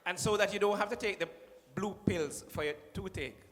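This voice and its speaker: A man with a Jamaican accent stands at a podium in a conference hall, teasing the minister in a playful, joking speech and slipping into patois. His voice sits high and fairly bright, moving at a moderate pace. The large hall adds a long reverb.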